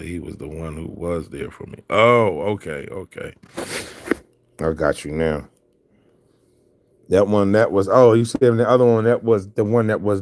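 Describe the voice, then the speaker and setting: A man's voice: sits low, a little mellow, dry recording. A man in casual chat, telling stories in slang and laughing often. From Philadelphia.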